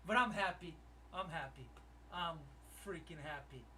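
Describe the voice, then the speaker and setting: A man's voice: fairly high pitch, moderate pace, distant mic, noisy background. A man who runs a live trading room, commenting on his trades as he streams and thinking aloud to his viewers.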